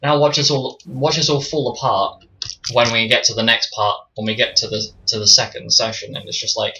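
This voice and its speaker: A man's voice: mid-range voice, steady tone, a little fast, sharp tone. A man running a tabletop game on stream as game master, narrating attacks and rolls in a casual, swearing manner, muttering to himself between turns. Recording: slightly dull streamed audio with faint music.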